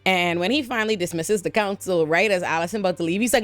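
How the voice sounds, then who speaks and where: A woman hosting a casual TV episode breakdown, talking in an animated, slangy, profane way with frequent exclamations. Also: lowish voice, quick pace, no echo, faint music behind. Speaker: show recap host.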